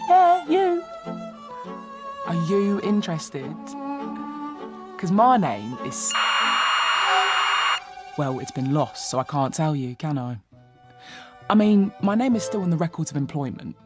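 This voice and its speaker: An actress playing the sly, scornful ghost of a maid, with a Cockney accent, in an audio drama. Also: female voice, deep voice, darkish tone. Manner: cheeky, scornful, chatty.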